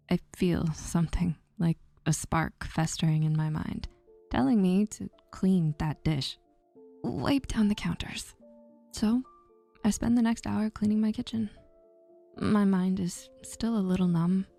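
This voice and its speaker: A woman narrating a first-person story in a soft, slow, often breathy near-whisper. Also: on the low side.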